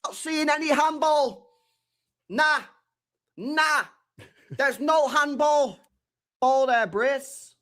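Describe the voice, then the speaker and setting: A young man live-streaming his reaction to a football match, excitable and slangy, shouting at the screen and swearing. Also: extremely high pitch, very slow, pauses often.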